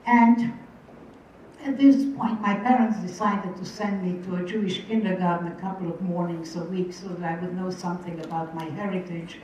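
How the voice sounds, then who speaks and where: A woman's voice: fairly low pitch, steady tone, normal speed, mellow, slight background noise. An older woman from Hungary, a survivor giving a talk and telling her childhood story with wry, vivid quoting of voices. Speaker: Holocaust survivor speaker. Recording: distant, dull, very echoey hall.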